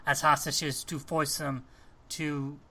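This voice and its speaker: Bright-voiced man chatting about films. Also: a little high, slow pace. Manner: animated, restarts often, acts out quoted lines. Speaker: podcast co-host. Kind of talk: casual film discussion.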